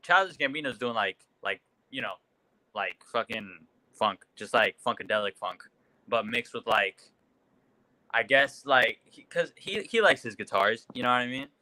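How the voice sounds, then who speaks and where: A man with a bright, forceful voice chats on a podcast, hesitating and stacking fillers as he searches for words. The recording is dry and close. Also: medium pitch, animated, moderate pace, dry recording, low-quality recording. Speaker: podcast co-host. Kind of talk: casual podcast chat.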